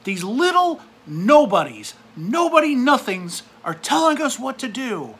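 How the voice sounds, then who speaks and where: A man's voice: extremely high pitch, very animated, unhurried, hardly any pauses, a bit bright, slightly rough. A man from the United States venting in an angry, profane, sarcastic rant to camera. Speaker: vlogger. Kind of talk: angry ranting monologue.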